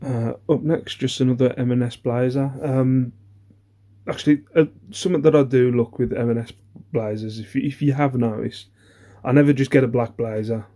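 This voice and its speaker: A man's voice: mid-range voice, fairly even intonation, moderate pace, dark tone. A man, chatting casually through an eBay reseller's haul video. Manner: chatty, rambling, self-deprecating, many ums.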